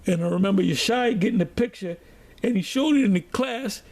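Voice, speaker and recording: Man, preaching and storytelling, high voice with a gravelly edge. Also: brisk, darkish tone. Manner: storytelling, reads scripture aloud. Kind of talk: sermon.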